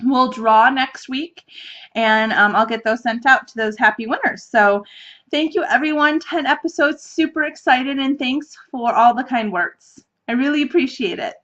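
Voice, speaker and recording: A woman in her thirties hosting a podcast, telling stories in a casual, chatty way, animated and laughing often as she talks from an office. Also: high-pitched, moderate pace. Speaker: podcast host. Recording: dull lo-fi recording.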